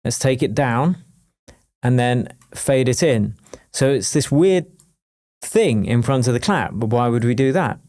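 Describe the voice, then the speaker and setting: A man teaching a music production tutorial in a chatty, jokey way, wired on coffee and full of quick asides. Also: medium pitch, expressive, a little mellow. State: wired on coffee, talking fast. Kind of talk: screen-recorded production tutorial.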